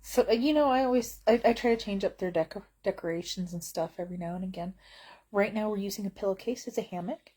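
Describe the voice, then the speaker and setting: A woman's voice: medium pitch, quick pace, dark tone. A woman vlogging from bed at home in casual chat, wry and blunt, rambling with lots of fillers.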